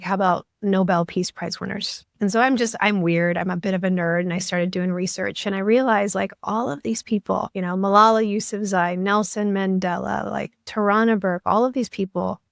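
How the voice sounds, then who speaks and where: A woman's voice: mid-range voice, gravelly, no room sound, clean studio sound. A woman hosting a podcast interview, talking earnestly and with feeling, with many "like"s and "you know"s. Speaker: podcast host. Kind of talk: conversational interview.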